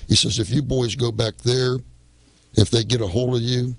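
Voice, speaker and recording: A man's voice: mid-range voice, flat delivery, moderate pace, gravelly, no echo. A man, a guest on a radio business show, telling a long story in a casual, rambling way and often coming back with "well, anyway".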